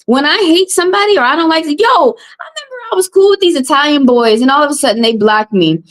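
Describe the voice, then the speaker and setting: A woman tarot reader from the American South, hosting a live stream and venting at her chat. Her voice sits slightly high, and she is upset and confrontational and circles back over the same points. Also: expressive, quick pace. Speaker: tarot reader and livestream host. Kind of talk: heated live-stream rant.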